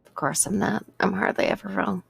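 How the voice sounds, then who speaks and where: A woman's voice: mid-range voice, big pitch swings, a little fast, vocal fry. A woman chatting in character during a roleplay game, dry, teasing and sure of herself. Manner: dry, teasing and self-assured.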